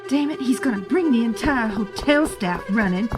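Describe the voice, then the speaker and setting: Lady doing a scheming woman, kinda high voice, sharp and pushy, music under it. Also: lively intonation, moderate pace, natural voice. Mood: urgent. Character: scheming woman plotting a forced marriage.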